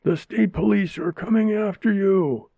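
A man's voice: high-pitched, unhurried, vocal fry, no echo, voice pushed up, heavily acted. A man voicing a furious woman neighbor who screams accusations, in a dull lo-fi recording. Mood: shrieking.

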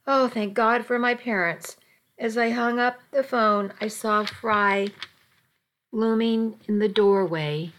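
A woman's voice: on the high side, slow pace, fairly bright tone. A woman narrating a first-person story with dramatic, emotional delivery.

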